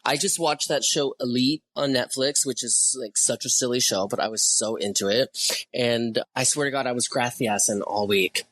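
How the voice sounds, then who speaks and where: A man's voice: mid-range voice, normal speed, fairly bright tone. Candid, casually cursing man in chat. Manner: candid, swears casually, laughs often. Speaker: podcast guest.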